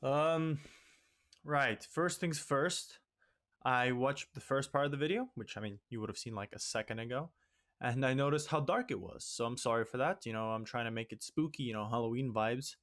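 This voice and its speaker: A young man hosting a let's play, ranting in exasperation and swinging loud and high when upset. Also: normal speed. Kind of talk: ranting game commentary.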